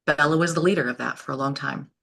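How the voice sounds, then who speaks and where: A woman, telling homestead stories in a lively, animated way as an interview guest. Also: sits low, fast, creaky. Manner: lively, animated storyteller with frequent laughs. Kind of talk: storytelling in an interview.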